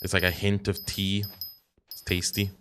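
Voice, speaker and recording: A young man chatting on a casual livestream, swearing freely and bantering in an animated way. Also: deep voice, moderate pace, slight background noise. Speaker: streamer.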